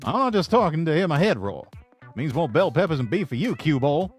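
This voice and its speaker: A man doing a pompous, loud old cartoon rooster in a put-on Southern drawl, stammering "I say, boy" as he lectures. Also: on the high side, big pitch swings, brisk, soft background music. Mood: lecturing. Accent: American Southern (put on).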